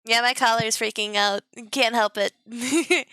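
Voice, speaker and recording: A woman's voice: fairly high pitch, fairly even intonation, normal speed, sharp tone, clean tone, no echo, studio quality. A young woman streaming as a VTuber, chatting to her viewers in a silly, teasing, sing-song way and giggling often. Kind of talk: playful live stream chat.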